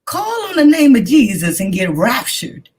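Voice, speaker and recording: A woman talking fervently and with excitement in a religious discussion. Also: a little high, normal speed, breathy edge.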